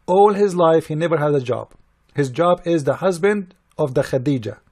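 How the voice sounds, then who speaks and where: Indignant, mocking man, slightly high voice. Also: animated, moderate pace, a little mellow, no room sound, studio quality. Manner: indignant and mocking, with repeated rhetorical questions; non-native English grammar. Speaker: religious critic. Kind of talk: heated polemical monologue.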